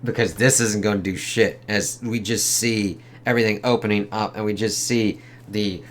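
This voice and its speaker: A man casually reviewing a comic book in a profane, rambling, excitable way. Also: on the low side, moderate pace, a little hiss or hum.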